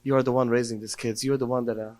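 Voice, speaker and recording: Rapid-fire and a little mellow, this middle-aged podcaster keeps a medium pitch and level tone. He gives a heartfelt Torah talk, telling stories and crying out with emotion when quoting prayers.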